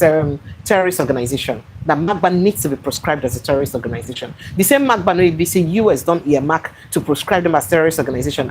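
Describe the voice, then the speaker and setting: A woman's voice: low-pitched, darkish tone, slight background noise, poor audio. A Nigerian woman with a Nigerian accent and Pidgin, hosting a live online news show, reading headlines and commenting on them in exasperated asides.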